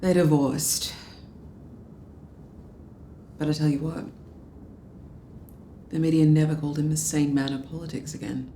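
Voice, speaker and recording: A woman's voice: low voice, fairly even intonation, unhurried, long pauses, dark tone, reverberant, a little hiss or hum. An actress playing a drunk Australian political media adviser, bitter and sarcastic as she rambles through a story. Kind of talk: film drama dialogue.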